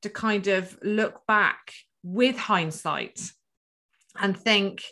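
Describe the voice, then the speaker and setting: Woman host, counselor type, chatty and reassuring, mid pitch. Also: drawn-out words. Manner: animated, reassuring, acts out inner voices. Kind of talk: conversational interview.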